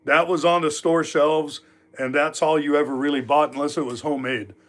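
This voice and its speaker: This Alaska man in his fifties runs a livestream in a knife workshop, casually telling rambling tales thick with filler words. His voice is fairly high and steady in tone, and he keeps a moderate pace.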